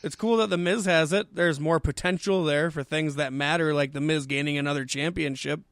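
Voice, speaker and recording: Smooth-voiced man, blunt casual talk. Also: fairly high pitch, steady tone, brisk, a bit bright, dry recording. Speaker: podcast co-host. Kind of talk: casual chat.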